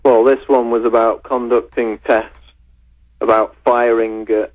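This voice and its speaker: A male researcher and writer calling in to a radio show, speaking in a measured way and citing articles. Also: medium pitch, level tone. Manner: measured, reads titles and sources. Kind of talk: phone-in radio interview. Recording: muffled phone line on radio.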